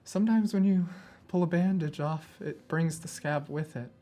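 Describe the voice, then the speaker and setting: A woman playing a tabletop role-playing game, speaking in character in a halting, thoughtful way. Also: low-pitched, dark tone. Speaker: player. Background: faint music.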